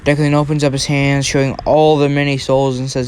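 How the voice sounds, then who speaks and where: Brief: a casual male storyteller, rambling and unscripted, average pitch. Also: little pitch movement, fairly quick, few pauses, slight background noise. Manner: rambling, filler-heavy, restarts lines.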